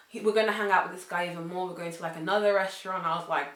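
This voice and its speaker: A young woman telling a casual story, swinging between loud outbursts and hushed asides. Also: medium pitch, fairly even intonation, fairly quick. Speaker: vlogger. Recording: echoey room.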